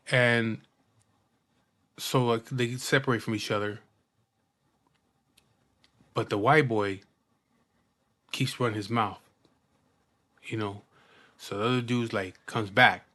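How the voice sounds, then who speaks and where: A man telling a personal story in casual talk, rough and profane, often repeating and restarting his words. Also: medium pitch, fairly even intonation, slow pace, long pauses, fairly bright tone.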